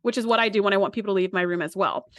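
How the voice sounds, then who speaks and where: A woman's voice: medium pitch, racing, no echo. A woman co-hosting a podcast, casually recapping an episode and acting out the characters' lines as she goes. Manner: animated storyteller, acts out quotes. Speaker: podcast co-host.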